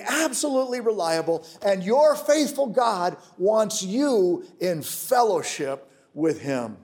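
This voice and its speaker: A man delivers a sermon in a high, light voice. He preaches with emphatic declarations. Then he drops to a quiet, intimate storytelling tone. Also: sing-song, slow, few pauses. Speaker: pastor.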